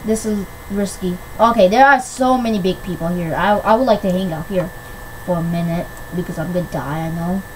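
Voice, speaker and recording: A woman giving casual gameplay commentary, excitable and quick to shriek when things go her way. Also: lowish voice, a little hiss or hum, poor audio. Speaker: gamer. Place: at home on a PC.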